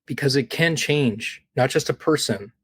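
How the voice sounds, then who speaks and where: A man's voice: mid-range voice, moderate pace, a bit bright, slightly rough, dry recording. Earnest man telling heartfelt stories. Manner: heartfelt, repeats words and asks "right?". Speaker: guest. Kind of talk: earnest conversational storytelling.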